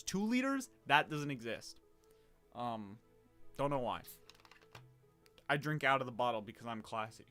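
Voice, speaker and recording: A man's voice: mid-range voice, expressive, moderate pace, long pauses, a bit bright, soft background music. A young man streaming from home, rambling and swearing as he gets flustered and mocks himself. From United States. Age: young adult. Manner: rambling, swearing, easily flustered, self-mocking. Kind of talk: casual livestream chat while gaming.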